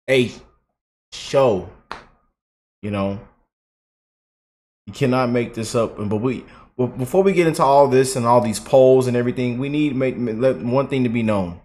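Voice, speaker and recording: A man's voice: mid-range voice, moderate pace, darkish tone. A man hosting a casual commentary vlog, slangy and mocking, with lots of asides to his viewers. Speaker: political commentary YouTuber.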